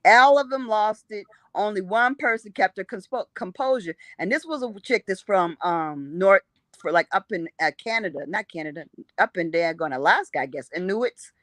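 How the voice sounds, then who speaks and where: A woman's voice: medium pitch, lively intonation, moderate pace, fairly bright tone, no echo. A woman telling a story in casual conversation, emphatic and blunt, often repeating herself.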